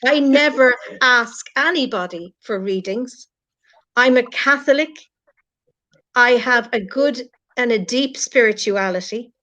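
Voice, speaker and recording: Irish woman, middle-aged, heartfelt and earnest, fairly high voice, muffled lo-fi stream audio. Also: a little slow, fairly bright tone. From Ireland. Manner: earnest, heartfelt, addresses critics directly. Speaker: guest on a live stream. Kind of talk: emotional live-stream chat.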